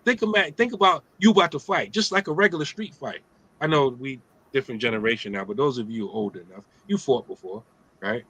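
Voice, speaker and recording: A middle-aged man leads a casual religious talk in a streetwise, joking way. His voice is bright and forceful, and he keeps checking in with his listeners by asking "right?". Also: medium pitch, brisk, breathy edge, rough recording. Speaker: host of an Islamic talk show.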